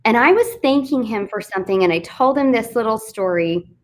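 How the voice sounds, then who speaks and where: Texas woman, bit high voice, chatty and candid, pokes fun at herself on a live stream. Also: animated, fairly quick. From Fort Worth, Texas. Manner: chatty, candid, self-deprecating storyteller. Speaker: author and business coach guest. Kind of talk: casual storytelling interview. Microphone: live online video stream.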